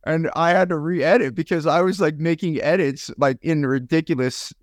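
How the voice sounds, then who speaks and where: In a studio-quality recording without echo, an American podcast co-host tells stories and mimics things he once said. His voice is a little high and his tone steady, and he speaks casually at a normal speed.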